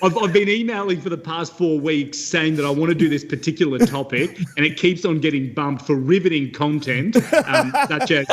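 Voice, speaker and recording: A man's voice: fairly high pitch, normal speed, few pauses. A man, a regular guest from Australia, telling a rambling, self-mocking story in casual chat with many restarts.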